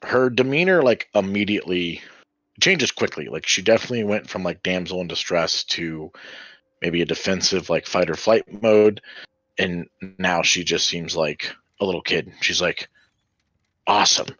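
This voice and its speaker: A man's voice: low-pitched, normal speed, a bit bright, no echo, lo-fi sound. A man running a tabletop game as game master, rambling with many fillers.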